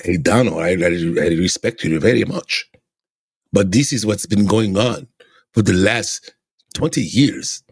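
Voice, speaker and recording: A man's voice: deep voice, unhurried, gravelly, husky, no room sound, studio quality, full character voice. A man voicing a stern, insistent older Russian statesman with a put-on Russian accent.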